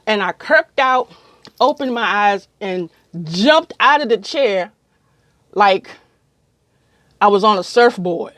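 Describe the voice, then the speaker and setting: A woman's voice: medium pitch, lively intonation, slow pace, pauses often, fairly bright tone, no echo. A middle-aged woman casually telling a long, rambling story to camera with many ums. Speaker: vlogger.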